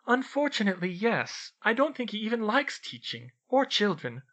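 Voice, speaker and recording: A man's voice: sits high, very animated, moderate pace, a bit bright, pitched above the performer's own voice. A man reading a story voices a clever young schoolgirl witch who explains things eagerly. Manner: eager, instructive. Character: brisk clever schoolgirl witch, girl, know-it-all.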